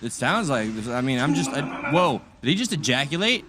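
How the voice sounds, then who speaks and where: A man's voice: on the high side, very animated, moderate pace, noisy background. A man co-hosting a podcast, laughing and guessing at a video in crude, teasing banter. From Latino background. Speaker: podcast co-host. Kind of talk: casual crude reaction banter.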